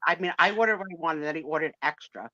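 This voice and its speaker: Chatting casually as a live stream co-host, this middle-aged woman relates a dating story with animation, performing the voices of its characters. Her voice is low-pitched and fast. The lo-fi stream audio sounds dull, with no room sound.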